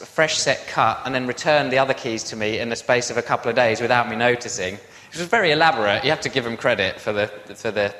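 Man preaching in an echoey hall. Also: mid-range voice. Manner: animated storyteller, self-deprecating asides. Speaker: pastor. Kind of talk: sermon storytelling.

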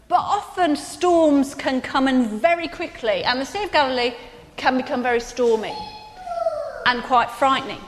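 High-voiced woman preaching in an echoey hall. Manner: animated storytelling, soft and earnest at key points. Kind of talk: sermon.

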